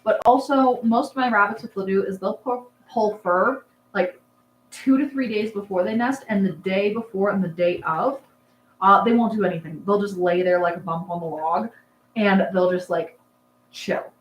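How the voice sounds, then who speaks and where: A woman's voice: medium pitch, moderate pace, reverberant, a little hiss or hum, rough recording. A young woman hosting a casual livestream, chatting and answering comments in a rambling, filler-heavy way. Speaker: livestream host, rabbit breeder. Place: dark barn at night.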